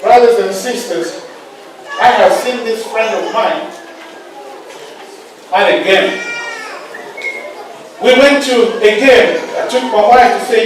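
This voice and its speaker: High-voiced man preaching in an echoing hall. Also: slow pace, long pauses. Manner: animated, laughing, repeats words when starting over. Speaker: visiting speaker at a church choir CD launch. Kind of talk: sermon with storytelling. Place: large church hall. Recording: echoey hall from far off, noisy.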